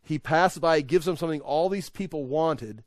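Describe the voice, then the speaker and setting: Man teaching bible, animated and chatty, bit higher voice, dry sound. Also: normal speed, dry recording. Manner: animated, conversational, laughs often.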